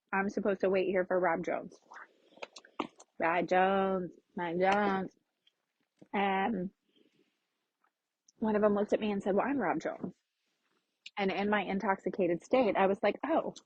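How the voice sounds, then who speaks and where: A woman's voice: medium pitch, a little mellow, husky, dull audio. Candid woman telling a personal story. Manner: candid, frank, swears casually. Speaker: podcast host.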